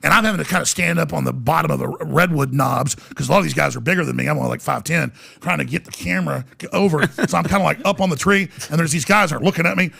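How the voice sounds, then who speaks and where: A man guesting on a podcast, telling an animated, rambling story, stumbling over words and acting out the voices of others. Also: fairly high pitch, quick pace, creaky, hardly any pauses.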